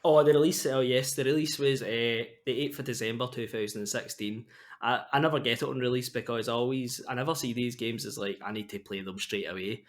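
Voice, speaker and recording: A man with a middle-pitched, ordinary voice chats on a podcast. He explains at an easy pace and pads his points with fillers and small restarts. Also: fairly even intonation, fairly quick. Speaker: podcast co-host. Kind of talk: casual chat.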